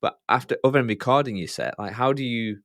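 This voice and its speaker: A man's voice: medium pitch, fast, fairly bright tone, no echo. A man hosting a podcast, asking rambling, self-correcting questions in casual talk. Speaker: podcast host.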